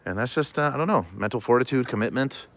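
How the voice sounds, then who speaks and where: A man's voice: mid-range voice, expressive, quick pace, fairly bright tone. A young man chatting casually on a livestream, rambling with lots of fillers and answering chat. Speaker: comedian streamer.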